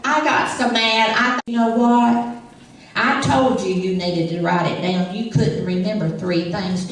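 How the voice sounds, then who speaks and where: Slow-drawling East Tennessee country woman. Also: on the high side, animated, a little hiss or hum. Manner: folksy drawl, slow, chatty, laughs at own jokes. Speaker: comic impersonator. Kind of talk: live stand-up storytelling to a crowd. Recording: echoey room recording from far off.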